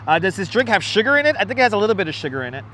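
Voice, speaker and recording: A man with a fairly high voice chats casually while walking outdoors. He thanks viewers and tosses off jokey asides into a wireless clip-on mic. Faint city traffic hums in the background. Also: big pitch swings, very fast, bright, forceful tone. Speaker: livestreamer. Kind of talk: casual live vlog chat. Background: traffic and city ambience.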